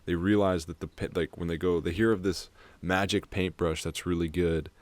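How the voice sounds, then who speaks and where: Young male podcast co-host, very low pitch, dead-dry sound, rambling, swears a lot. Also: fairly even intonation, dry recording. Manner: rambling, swears freely, acts out scenes in quick put-on voices. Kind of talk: casual film recap chat.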